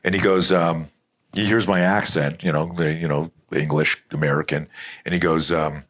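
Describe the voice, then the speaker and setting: This middle-aged man, a self-defense expert guest, has a very deep voice and talks at a moderate pace in a storytelling interview. He's an animated, rambling storyteller who keeps restarting and swears a lot.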